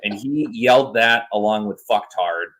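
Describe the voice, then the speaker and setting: A man in his thirties with a mid-range voice co-hosts a podcast, spinning stories in a loose, exaggerated, animated way at a moderate pace. It's a casual storytelling chat, and the audio quality is poor.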